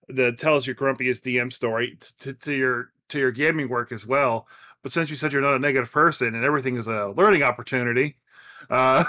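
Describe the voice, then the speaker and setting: A man hosting a podcast, telling a family anecdote in an animated, chatty way. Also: mid-range voice, dry recording, studio quality. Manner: animated storyteller. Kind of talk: casual podcast chat.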